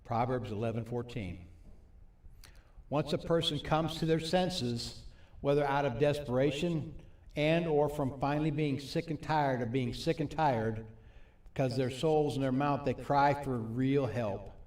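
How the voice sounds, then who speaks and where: At a recovery ministry meeting, a man delivers a sermon, asking his audience questions and reading scripture slowly. His middle-pitched, slightly mellow voice rings through an echoey hall and is picked up from some distance.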